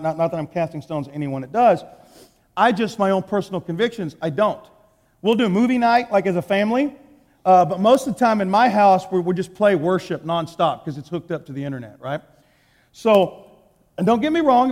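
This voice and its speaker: A man with a Texan accent preaching a sermon, telling a personal story and acting out his own words, going from hushed to shouting. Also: high-pitched. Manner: animated, acts out quotes, swings from hushed to shouting. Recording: long hall reverb.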